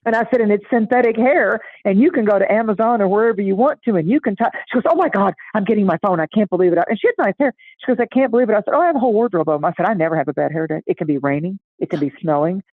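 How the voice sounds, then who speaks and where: A middle-aged woman chatting casually and telling a lively story, acting out the voices of the people in it. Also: medium pitch, racing, hardly any pauses, dry recording. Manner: animated, acts out voices in anecdotes. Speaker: astrology guest. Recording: tinny phone-like line, dry.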